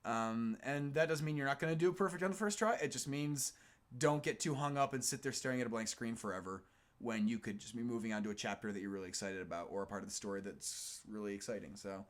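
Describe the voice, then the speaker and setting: A man's voice: mid-range voice, fast talker. A man co-hosting a casual live-stream chat, talking loosely and thinking aloud with plenty of fillers.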